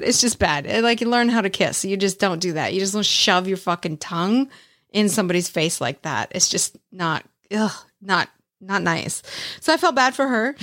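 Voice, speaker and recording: A woman's voice: medium pitch, a bit bright, no room sound, clean studio sound. Blunt, laughing woman podcast host. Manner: candid and blunt, swears freely, laughs often. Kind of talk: casual solo review chat.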